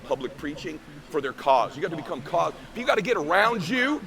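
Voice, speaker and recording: A man's voice: high voice, creaky. A man giving an emphatic, preachy motivational keynote on stage before a live audience, firing off rhetorical questions. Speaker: motivational speaker.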